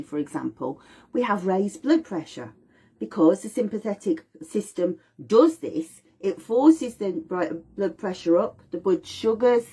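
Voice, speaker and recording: A middle-aged woman gives a chatty, informal lesson. Her voice is slightly husky and her pitch leaps around a lot, jumping up high whenever she acts out someone else's words. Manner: animated, acts out voices of mum and baby. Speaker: aromatherapy teacher. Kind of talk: informal lecture.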